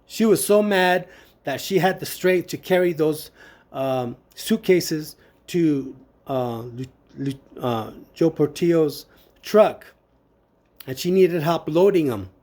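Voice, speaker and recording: A man giving personal testimony, telling a family story in a halting way with many pauses and fillers, acting out the dialogue he quotes. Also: on the high side, darkish tone.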